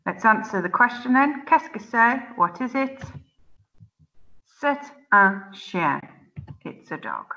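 A woman teaching children an online French lesson, saying words slowly and clearly for them to repeat, chatty and laughing at her own slips. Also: a little high, big pitch swings, pushed and bright, lo-fi sound. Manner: slow, clear drilling of words for repetition; chatty and self-mocking, exclaims at slips. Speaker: primary school teacher.

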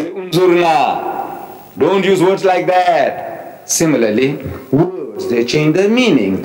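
Animated man in his seventies lecturing. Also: sits high, low-quality recording. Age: 70s. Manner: animated and emphatic, with wry asides; recites Arabic verses quickly, then explains them. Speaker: Islamic lecturer. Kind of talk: public religious lecture.

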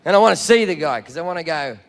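Crude, shouty Australian comedian. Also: male voice, fairly high pitch, lively intonation, quick pace. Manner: crude, swearing, shouty storytelling. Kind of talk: stand-up comedy. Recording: live show with loud crowd noise.

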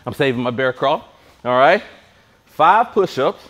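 A man's voice: medium pitch, lively intonation, a little slow, a bit bright. A man leading a virtual PE class, joking and bantering with his co-coach while calling out exercises. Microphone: clip-on mic pack.

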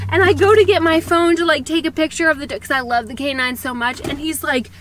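A woman's voice: high-pitched, fairly quick, few pauses, fairly bright tone. A woman travel vlogger telling a story in a casual, self-mocking way, laughing often and acting out the people she quotes. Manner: quotes people in acted voices.

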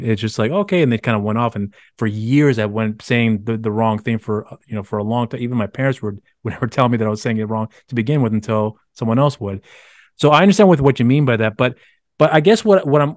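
A man's voice: medium pitch, darkish tone, no room sound, clean studio sound. A man from the United States who grew up speaking Spanish, hosting a podcast and asking long, rambling questions with many restarts. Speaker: podcast host. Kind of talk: casual interview talk.

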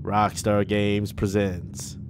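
A man's voice: fairly low pitch, flat delivery, takes it slowly, background noise. A man hosting a video game playthrough, chatting sarcastically and reacting aloud as he plays. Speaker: gaming channel host. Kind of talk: let's play commentary.

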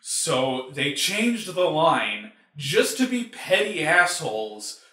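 A man's voice: fairly high pitch, sing-song, slow, pushed and bright. A man hosting a movie review show, ranting in a casual, profane, exasperated way with lots of filler words. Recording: roomy echo.

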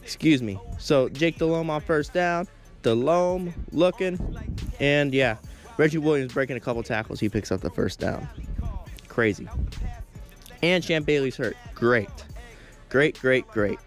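A man's voice: medium pitch, expressive, measured pace, pauses often. A teenage boy doing play-by-play commentary over his football video game, often tripping over his words and apologizing. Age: teens. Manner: stumbles over words, self-deprecating asides. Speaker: gameplay commentator. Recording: game music in background.

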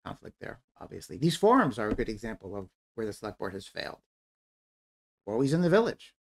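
A man's voice: fairly low pitch, very animated, fast, vocal fry. A man giving blunt, critical public comment at a town forum over a video call, repeating his points. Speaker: resident commenter.

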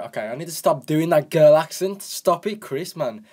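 A man giving casual, jokey commentary while playing a video game, rambling and breaking into excited yells. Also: a little high, moderate pace. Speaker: gaming commentator.

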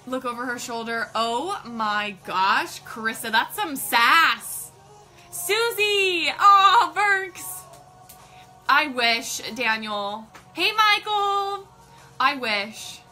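A woman's voice: high voice, animated, very slow, sharp tone, faint music behind. A woman hosting a casual live stream, bubbly and gushing, greeting viewers by name. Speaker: livestream host.

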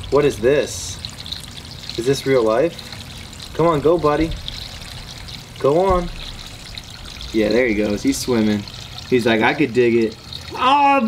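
A young man hosting an outdoor fishing vlog, talking with excited, slangy enthusiasm by a backyard pond. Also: on the high side, slight background noise. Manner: enthusiastic, slangy, repeats "bro" and "beautiful". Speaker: fishing vlogger host.

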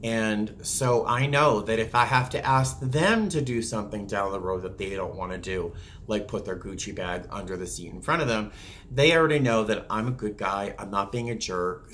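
A man who works as a flight attendant, chatting casually and acting out passengers with sudden jumps in pitch. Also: a bit bright. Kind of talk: casual talk to camera.

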